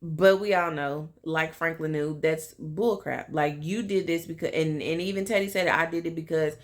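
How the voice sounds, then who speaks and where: A woman's voice: low-pitched, normal speed. A young woman casually recapping a TV episode, chatty and full of fillers. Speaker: TV recap vlogger.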